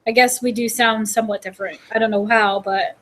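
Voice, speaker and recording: A woman's voice: on the high side, steady tone, a little fast, a bit bright, poor audio. A woman with a Connecticut accent, hosting a livestream in casual chat and saying "like" and "totally" all the time. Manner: says "like" and "totally" constantly. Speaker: livestream host.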